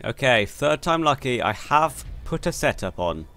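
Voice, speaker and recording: A young man commentating on his own racing game run, excitable and quick to swear in frustration. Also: mid-range voice. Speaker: gaming YouTuber. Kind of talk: gameplay commentary. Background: faint game car engine noise.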